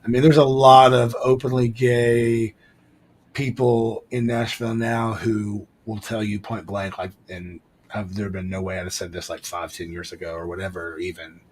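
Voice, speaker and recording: A man's voice: fairly low pitch, flat delivery, normal speed, slight background noise. Rambling male podcast co-host. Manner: rambling, lots of fillers and restarts. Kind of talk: casual chat.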